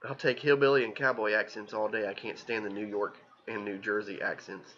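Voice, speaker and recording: A man's voice: on the low side, fairly even intonation, fairly quick, a bit bright, highs cut off. A man from Southern Ohio with a mild country accent, chatting casually and reading out viewer comments as co-host of a livestream. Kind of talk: casual chat.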